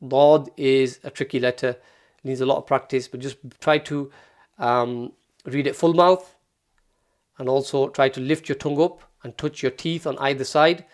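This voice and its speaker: A man's voice: medium pitch, fairly even intonation, moderate pace. A man teaching recitation step by step, patiently sounding out syllables and repeating them for learners.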